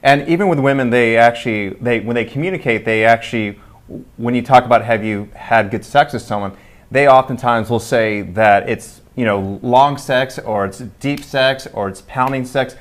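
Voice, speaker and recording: A man's voice: medium pitch, normal speed. A man on a casual panel, speaking bluntly and emphatically with swearing.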